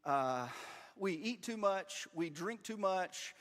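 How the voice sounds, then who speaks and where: A man, preaching a storytelling sermon in a church, animated and self-deprecating. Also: sits high, slow. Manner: animated, self-deprecating, quotes family in voices. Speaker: pastor. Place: church sanctuary. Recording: long reverb of a church hall.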